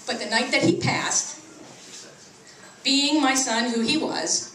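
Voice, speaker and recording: Middle-aged female comic, fairly high voice, roomy live sound from off-mic. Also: takes it slowly, distant mic, slight background noise. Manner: animated, acts out quoted voices with big pitch jumps. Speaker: stand-up comedian. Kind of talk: stand-up comedy. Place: small tea house open mic.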